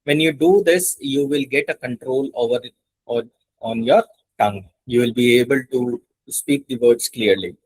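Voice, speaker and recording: A man's voice: mid-range voice, normal speed, darkish tone, a little hiss or hum, rough recording. A man with an Indian English accent teaching an online class, explaining step by step and repeating key points. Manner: instructive, repeats points for emphasis. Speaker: internship instructor. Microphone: video call.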